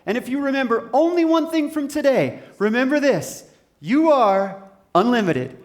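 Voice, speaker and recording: A man giving an inspirational stage talk in a large hall, emphatic and repetitive, building up to shouting. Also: very high voice, lively intonation, moderate pace. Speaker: motivational speaker.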